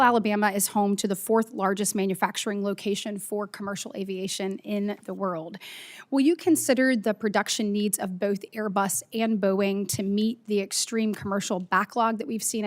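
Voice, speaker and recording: A woman, a senator politely and earnestly questioning a witness at a hearing. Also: medium pitch.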